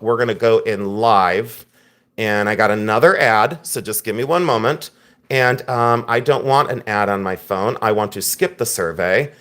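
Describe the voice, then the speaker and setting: A man's voice: mid-range voice, fairly bright tone. A man hosting a live-stream jewelry sale, chatty and openly frustrated, thanking viewers by name. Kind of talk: live-stream selling chat.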